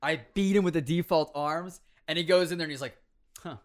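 A man in his twenties casually telling stories about competitive gaming, animated, laughing often and acting out quotes. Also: fairly high pitch, fast talker. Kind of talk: casual storytelling chat.

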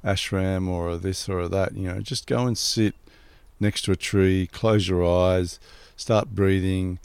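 Gravelly low-voiced man. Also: fairly even intonation, a little mellow, no echo. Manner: reflective, spiritual, unhurried. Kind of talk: casual storytelling chat.

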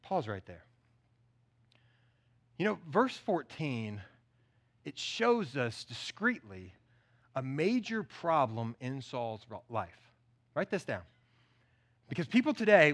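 A pastor preaches in a lively, conversational way, tossing asides to the congregation. His voice is on the high side, his pace a little slow, with frequent pauses.

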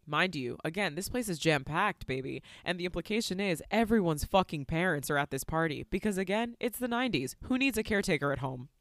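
Profane, animated woman recapping a movie. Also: on the low side, fairly quick, few pauses, no room sound, studio quality. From Latin American heritage. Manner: animated, profane, theatrical retelling. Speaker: podcast co-host. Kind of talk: casual movie recap chat.

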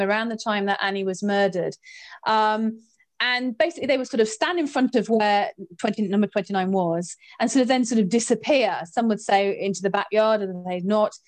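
A woman guest recounting a ghostly experience in a lively, expressive way, her voice jumping up in pitch at the dramatic moments. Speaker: guest storyteller. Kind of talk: animated anecdote telling.

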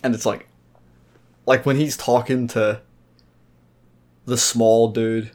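Podcast co-host, male, mid-pitch, blunt and sweary, strong opinions. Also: level tone, takes it slowly, darkish tone. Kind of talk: casual podcast chat.

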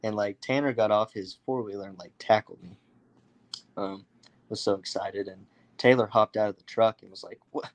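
A young man from the United States telling a story casually, animated, with many fillers and acted-out quotes. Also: fairly low pitch, brisk. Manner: animated, acts out others' voices, many fillers. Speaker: guest storyteller.

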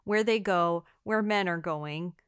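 A woman co-hosting a podcast, chatting casually and reacting with quick remarks. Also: fairly low pitch, clean tone. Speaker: podcast co-host. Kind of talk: casual chat.

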